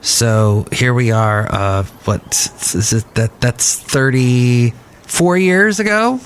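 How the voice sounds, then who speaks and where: A man's voice: mid-range voice, takes it slowly, slight background noise. A man in his fifties hosting a casual podcast from a cafe, rambling and self-deprecating, thinking aloud as he goes. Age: 50s. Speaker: podcast host. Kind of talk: casual nostalgic podcast chat.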